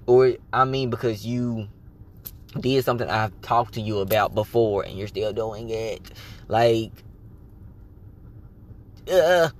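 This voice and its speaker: Man, solo podcast host, casual monologue, swears a lot, animated retelling, mid-pitched voice. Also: slight background noise. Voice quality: candid, swears freely, animated self-quoting.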